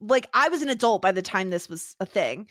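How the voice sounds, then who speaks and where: A woman's voice: mid-range voice, brisk, no room sound, studio quality. A woman from the United States co-hosting a podcast in casual chat, laughing often. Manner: chatty, laughing, lively asides. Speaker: podcast co-host.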